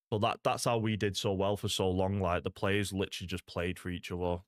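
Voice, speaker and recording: A man's voice: low-pitched, fairly even intonation, moderate pace, no room sound, clean studio sound. A young man, chatting casually to viewers while playing a game, laid-back and full of "like" and "mate". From Salford, England. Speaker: streamer. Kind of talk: casual gaming stream chat.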